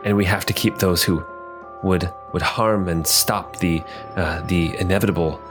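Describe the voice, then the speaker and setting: Low-voiced man running a tabletop game. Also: normal speed, over music. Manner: relaxed, with filler ums. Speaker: game master.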